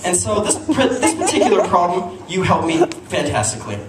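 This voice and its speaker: A man's voice: sits high, normal speed, over a noisy crowd. Young man doing stand-up in an echoey club. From Utah. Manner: animated storytelling with audience asides. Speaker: stand-up comedian. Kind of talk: stand-up comedy set. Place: comedy club stage. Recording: echoey live room, mic at a distance, noisy. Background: audience laughter and room noise.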